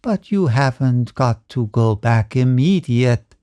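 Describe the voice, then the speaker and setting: A man's voice: medium pitch, lively intonation, slow pace, warm tone, clear, resonant tone. A man voicing a fussing, motherly landlady who coaxes and scolds. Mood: coaxing.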